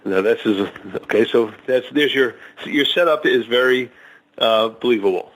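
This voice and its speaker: A man being interviewed as a guest author, talking casually with many pauses and restarts as he explains jokes. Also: mid-range voice, a bit bright, low-quality recording. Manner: hesitant, many fillers and restarts, tells jokes slowly.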